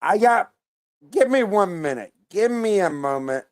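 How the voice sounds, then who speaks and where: A woman's voice: medium pitch, animated, unhurried. A woman hosting a reaction video, talking in a blunt, rambling, slangy way. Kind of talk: casual reaction commentary.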